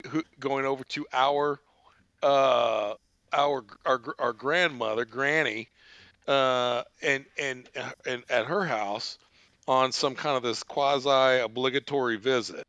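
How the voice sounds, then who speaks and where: Guy on a podcast telling a rambling swear-filled story, high bright voice, slow, dry sound. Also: smooth, no echo, lo-fi sound. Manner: profane, rambling, laughs often. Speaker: podcast host. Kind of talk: casual storytelling.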